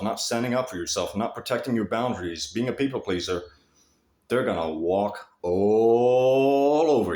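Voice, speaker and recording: Male vlogger, low voice, animated storyteller who swears freely, echoey room. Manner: profane, animated, mimics others mockingly. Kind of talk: casual storytelling monologue.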